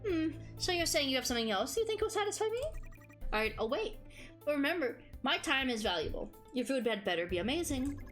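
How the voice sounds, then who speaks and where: A woman's voice: sits high, sing-song, fairly quick, a bit bright, soft background music. A woman voicing a haughty, snobbish rich woman who is a food critic, speaking imperiously. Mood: dismissive. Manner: imperious, demanding.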